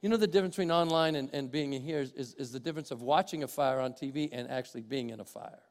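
An older man preaching a sermon as pastor in a church, swinging from loud preaching to quiet, conversational asides. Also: mid-range voice, fast. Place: church sanctuary with congregation. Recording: long hall reverb.

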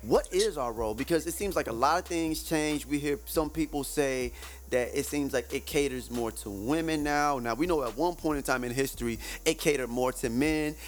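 A man hosting a casual faith podcast, talking in an animated, rambling way with many restarts and frequent laughs. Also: mid-range voice, moderate pace. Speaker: podcast host.

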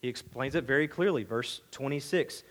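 A man's voice: moderate pace, in a large hall. A man preaching a verse-by-verse sermon in a conversational way, asking rhetorical questions and repeating himself as he explains the text. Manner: voices the crowd's demand in a higher, louder tone. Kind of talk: expository sermon.

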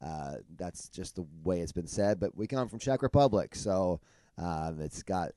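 Lower-voiced man, halting casual chat. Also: lively intonation, dark tone, clean tone, no echo. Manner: halting, restarts sentences often. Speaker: podcast co-host.

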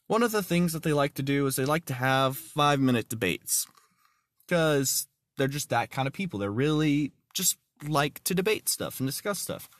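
A man's voice: medium pitch, fairly bright tone, no echo. A man hosting his own podcast, talking earnestly and plainly and telling jokes. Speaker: podcast host. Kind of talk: casual podcast monologue.

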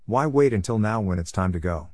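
Man doing a grandmother, patient, firm, calm, storybook, dry sound. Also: lowish voice, brisk, no echo.

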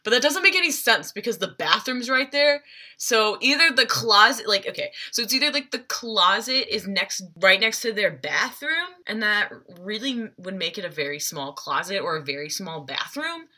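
A young woman casually recapping a TV episode, chatty and animated, sometimes jumping into quick quoted voices. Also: medium pitch.

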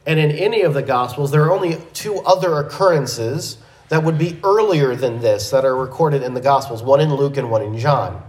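A man teaching a verse-by-verse Bible lesson in a measured, methodical way, with small restarts. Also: mid-range voice, echoey room, poor audio.

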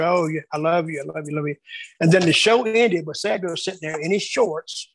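A man reminiscing casually about his years booking shows, telling lively anecdotes and acting out the quotes. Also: high-pitched, normal speed, husky, no room sound, low-quality recording. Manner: animated storyteller acting out quotes. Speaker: wrestling booker telling stories.

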